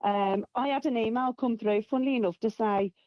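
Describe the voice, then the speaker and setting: A woman's voice: on the high side, a little fast, dry recording. Brummie woman on a dull phone line. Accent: Birmingham. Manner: chatty, self-deprecating, laughs often. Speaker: caller. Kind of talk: casual phone-in chat. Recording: dull dry phone audio.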